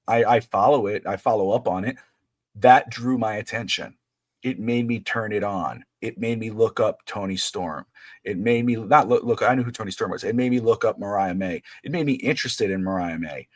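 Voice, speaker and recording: A man's voice: lowish voice, moderate pace, no echo. A middle-aged man co-hosting a wrestling podcast in casual chat, rambling and restarting his sentences. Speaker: podcast co-host.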